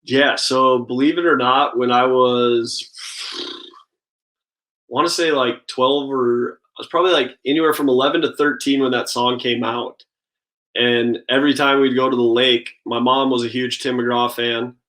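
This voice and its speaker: A man in his thirties, a baseball pitcher, chatting casually as an interview guest and telling relaxed stories full of "like" and "I mean". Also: measured pace, rough recording. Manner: relaxed storytelling, lots of "like" and "I mean".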